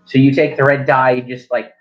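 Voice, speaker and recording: A man's voice: medium pitch, level tone, brisk. A man narrating as game master at a tabletop game, rambling and correcting himself as he goes, in a lo-fi recording.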